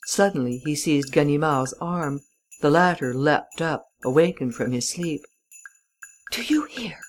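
Woman audiobook narrator, low voice, slow and measured delivery. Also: rough recording. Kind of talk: scripted narration of a classic novel.

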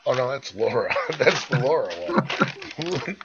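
A man's voice: medium pitch, big pitch swings, slow, lo-fi sound, a loud crowd. A man hosting a casual podcast, laughing often and trailing off as he reads listener mail aloud. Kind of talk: casual banter.

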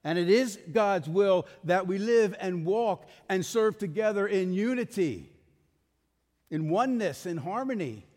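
A man's voice: sits high, animated, measured pace, darkish tone, long reverb tail. A male pastor preaching a sermon, emphatic, putting rhetorical questions to his congregation.

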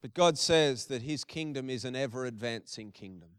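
A man's voice: medium pitch, moderate pace, smooth, dry recording, clean studio sound. A middle-aged male pastor giving a conversational sermon with emphatic repetition.

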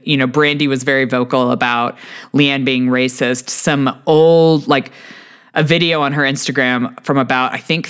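A podcast co-host with a smooth, clear voice, talking in a relaxed, casual way. Agreeable and quick to hedge, often trailing into "I don't know.". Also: mid-range voice.

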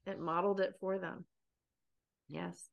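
A woman's voice: on the low side, level tone, a little slow, vocal fry. A woman hosting a podcast interview, speaking in a thoughtful, affirming way and often checking in with "right?". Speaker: podcast host. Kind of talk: reflective interview conversation.

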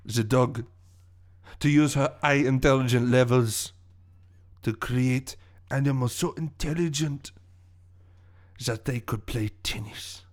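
A man's voice: medium pitch, takes it slowly, natural voice. Pompous French villain voiced by a man in a tabletop game, with a fake French accent, grand monologues, and a mid-range voice. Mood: gloating.

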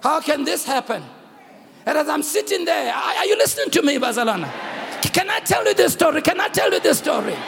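A man's voice: extremely high pitch, big pitch swings, brisk, vocal fry. A man preaching a sermon, telling a story and calling out to his congregation. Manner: preaching loudly, switching between English and local languages, calling the congregation. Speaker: pastor. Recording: reverberant hall recording, faint room noise.

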